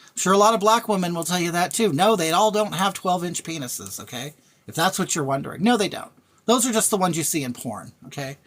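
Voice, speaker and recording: Ranting casually on a live stream, a woman reads her chat, bluntly addresses viewers, thanks them by name, and circles back to the same points. She talks briskly in a fairly low voice with lively intonation.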